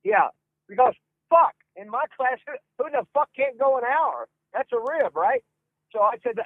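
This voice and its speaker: An older man rants and curses his way through wrestling stories, his voice fairly high for a man. The sound is thin and phone-like. It is also dry, with no room echo. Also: lively intonation, fairly quick. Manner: ranting, heavy cursing, gruff Southern drawl. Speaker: wrestling trainer, guest. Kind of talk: profane storytelling interview.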